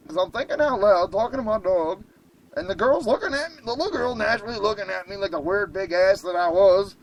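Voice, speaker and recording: A man hosting a radio show, telling a comic story in an excitable, profane way. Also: high-pitched, quick pace, gravelly, slight background noise, low-quality recording.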